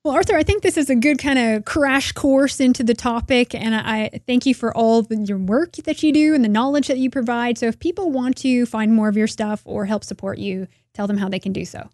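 A woman's voice: on the high side, brisk, hardly any pauses, a little mellow, no echo, studio quality. A woman hosting an interview, agreeing readily with short affirmations. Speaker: podcast host. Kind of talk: interview conversation.

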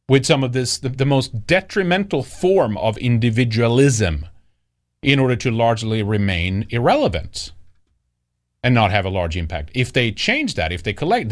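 A man hosting a casual commentary show, rambling and often mocking. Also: mid-range voice. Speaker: host.

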